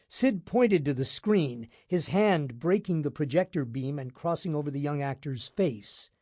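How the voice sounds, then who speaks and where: A man narrating a hard-boiled detective audiobook in the first person, wry and deadpan. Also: a little high, unhurried, hardly any pauses, dry recording, clean studio sound.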